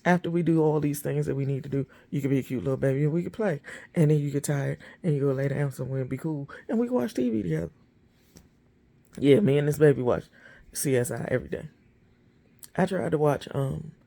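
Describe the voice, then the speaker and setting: A woman's voice: a bass voice, mellow. A woman vlogging casual dog-training advice to her phone in a blunt, emphatic, plainspoken way. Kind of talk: casual talk to camera.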